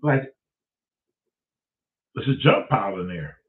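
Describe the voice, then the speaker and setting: A man, hosting and telling a profane, animated story, acting out both sides of the conversation. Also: fairly low pitch, takes it slowly. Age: 60s. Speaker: host. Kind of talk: casual storytelling. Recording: tinny phone-like sound.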